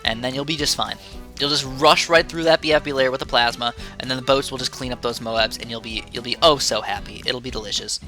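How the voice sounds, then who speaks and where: Young man, gameplay commentary, chatty and rambling, bright tense voice, faint game music behind. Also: mid-range voice, steady tone, fast. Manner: upbeat, chatty, rambling asides. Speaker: gaming YouTuber.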